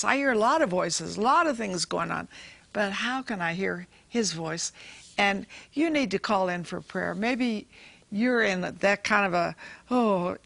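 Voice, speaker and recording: A woman's voice: medium pitch, gravelly, fairly bright tone, no echo. A woman hosting a Christian talk show, earnestly urging viewers to pray and read.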